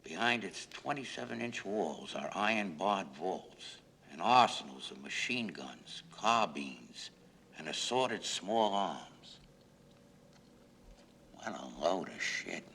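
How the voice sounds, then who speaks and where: An actor playing a gang leader who reads aloud with mocking scorn. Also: male voice, sits low, big pitch swings, takes it slowly, pushed and bright, a little hiss or hum, full character voice.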